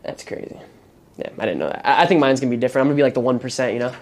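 A man chatting excitably in slang, hyping up a friend. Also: mid-range voice, racing. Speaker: streamer in mock therapy. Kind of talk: casual chat.

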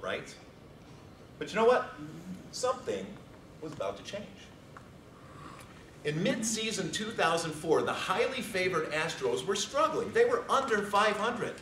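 A man from Chicago giving an animated, joking competition speech to an audience in a large hall. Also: on the high side, a little slow, a little hiss or hum. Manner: animated storytelling with jokes. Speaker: speech contest contestant. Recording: echoey hall from far off.

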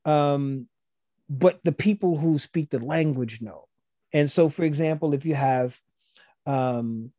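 A man's voice: on the high side, slow, pauses often, warm tone, dry recording, studio quality. Man with a Gullah Geechee accent. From South Carolina, US. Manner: explanatory, loose and chatty, many fillers. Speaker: guest, language instructor. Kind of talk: casual podcast conversation.

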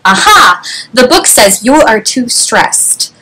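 Woman reading as an earnest young boy knight, eager, reassuring, fairly high voice, storybook. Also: big pitch swings, slow pace, sharp tone, a little hiss or hum, exaggerated voice, poor audio.

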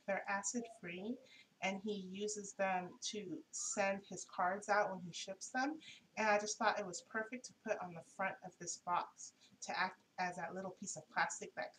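A woman's voice: medium pitch, slight background noise, poor audio. A woman hosting a casual craft tutorial, showing her pieces in a chatty, homey way and correcting herself as she goes.

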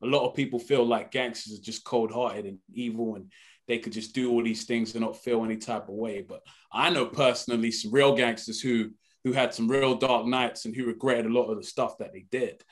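Fairly quick and fairly even in intonation, a young man's mid-range voice comes through in a radio studio. He's a British actor guesting on a morning show, talking earnestly and animatedly in a casual interview and often saying "man."

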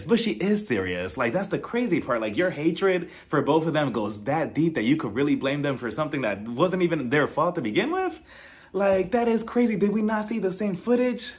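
Animated young man recapping TV drama. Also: a little high. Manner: animated, incredulous, acts out quotes mockingly. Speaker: reality TV recap commentator. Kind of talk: casual opinionated recap.

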